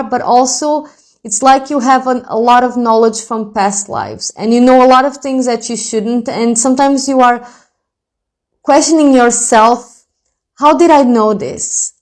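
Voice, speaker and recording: A woman giving an intuitive reading straight to her viewers, reassuring and calling them "my loves". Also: on the high side. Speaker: spiritual reader.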